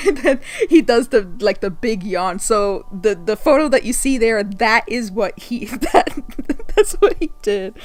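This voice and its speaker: A woman's voice: a little high, animated, a little slow, no echo. A woman vlogger telling a story in a casual way, laughing often and acting out the quotes.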